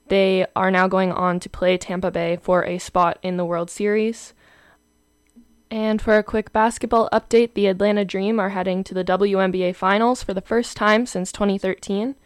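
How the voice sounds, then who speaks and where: A woman's voice: mid-range voice, dry recording, studio quality. A young woman, reading scripted sports headlines as host of a campus show. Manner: clear, steady read with the odd filler.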